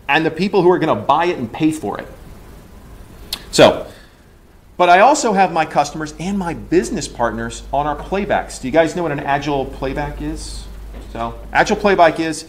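A man in charge of a large engineering team gives an animated, joking conference talk in a ranting manner. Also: on the high side, a little hiss or hum. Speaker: engineering leader. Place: conference room.

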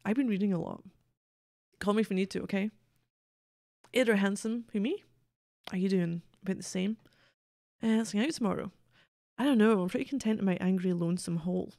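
Sardonic woman streamer with gravelly voice. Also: mid-range voice, fairly quick, pauses often, warm tone, no echo, studio quality. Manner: sardonic, swears, reads game texts aloud. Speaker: game streamer. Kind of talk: casual gameplay commentary.

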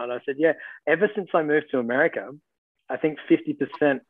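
A fast-talking man with a fairly high-pitched voice and an Australian accent, he's an actor guesting in a casual video-call interview. His talk rambles with fillers and restarts, heard through tinny, phone-like audio that's dry with no echo.

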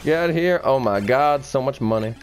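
A man playing a video game with casual commentary, loud and frantic, prone to yelling. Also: mid-range voice, expressive, brisk. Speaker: player in a game playthrough.

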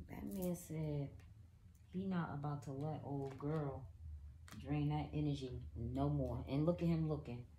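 This tarot reader has a deep, dark-toned voice, with slight background noise in the recording. She delivers a casual psychic reading straight to the viewer, calling her "girl" in a blunt, profane, emphatic way.

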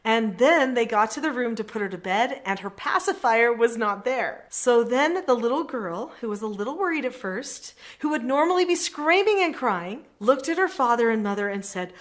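A woman's voice: on the high side, expressive, normal speed, hardly any pauses. A middle-aged woman coaching parents in a direct-to-camera lesson, earnest and encouraging, telling a story from her work.

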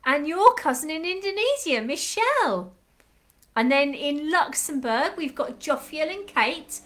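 A woman with a slightly croaky throat leading a children's class on a live stream, chatting warmly to the watching children with sing-song greetings. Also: high-pitched, big pitch swings, a little slow. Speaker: children's club leader. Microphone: live stream webcam.

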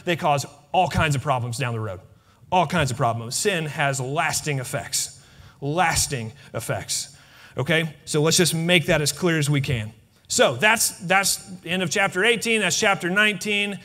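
A man's voice: fairly high pitch, normal speed. A male pastor preaching a sermon, talking straight to his congregation and repeating key phrases for emphasis. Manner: animated, talks to the congregation directly with repeated phrases. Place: church sanctuary.

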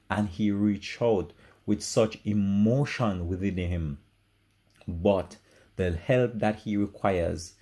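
A male host of an online news channel talks through a story in an earnest, sympathetic way. His voice is very deep, with a dark, mellow tone. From Jamaica.

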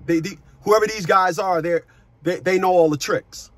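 On a phone consultation, a middle-aged child support coach talks forcefully at a moderate pace in a high voice, with no room sound. He curses and repeats words as he begins his sentences.

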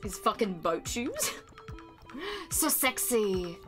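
A woman streaming live, chatting casually with her viewers, excitable and quick to swear, with a desk mic. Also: medium pitch, over music. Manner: chatty and excitable, swears freely, shrieks when surprised.

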